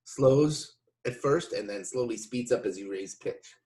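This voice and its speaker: A man's voice: mid-range voice, a little slow, dark tone. A man giving a casual video lesson, explaining with loose restarts between demonstrations. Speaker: didgeridoo teacher.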